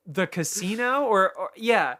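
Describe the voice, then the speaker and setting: Podcast co-host, male, animated delivery, giggly, reads quotes in silly voices. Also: high voice, unhurried, crowd noise. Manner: laughs often, reads book lines in mock voices. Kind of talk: casual chat, reading quotes aloud.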